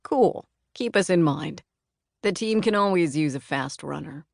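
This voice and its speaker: A woman voicing a calm, deep-voiced male coach. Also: measured pace, creaky, no echo, studio quality, heavily acted. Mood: encouraging. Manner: easy, practiced, encouraging.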